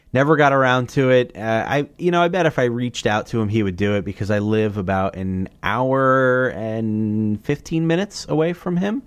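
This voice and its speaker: A man hosting his own podcast, running through movie recommendations in a loose, rambling, jokey way, swearing freely and often jumping into excited, higher asides. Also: clean tone, dry recording, clean studio sound. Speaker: podcast host. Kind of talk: casual solo movie review.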